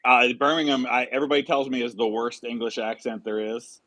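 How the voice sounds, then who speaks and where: A man's voice: mid-range voice, steady tone, quick pace, bright, forceful tone, poor audio. A male host in a casual live chat, easygoing, asking questions and laughing along with his guest.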